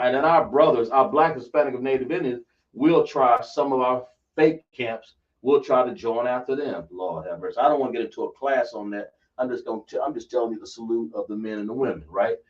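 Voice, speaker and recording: A man's voice: mid-range voice, brisk. A man teaching a religious class, emphatic and quizzing his listeners with rhetorical questions. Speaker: religious instructor. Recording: dull, distant lo-fi recording.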